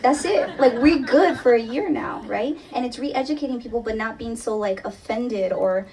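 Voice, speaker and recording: A woman's voice: a little high, moderate pace, a little mellow, distant mic, some chatter behind. A woman therapist speaking on a live podcast panel, candid and humorous, laughing often.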